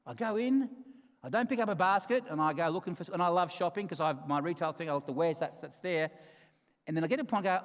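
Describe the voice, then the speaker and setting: A man delivering a conference keynote in a fairly high voice. He tells stories with emphasis and humour, then drops into quiet asides. Long reverb from the large hall trails after his words. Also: very animated, fairly quick. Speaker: keynote speaker.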